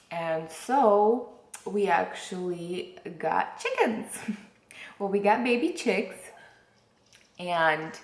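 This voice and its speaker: A woman's voice: mid-range voice, roomy sound. A woman vlogger chatting casually to camera, rambling with lots of fillers and restarts.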